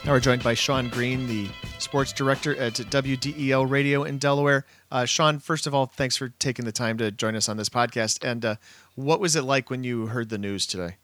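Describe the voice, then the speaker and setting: A man hosting a podcast, introducing guests and asking questions in a measured, formal way. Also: medium pitch, fairly even intonation, a bit bright, soft background music. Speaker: podcast host. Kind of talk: podcast interview.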